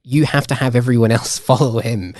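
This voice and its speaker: A man's voice: mid-range voice, fairly even intonation, fairly quick, a little mellow, dry recording, clean studio sound. A man co-hosting a podcast in casual debate chat, rambling with many restarts and frequent laughs. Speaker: podcast co-host.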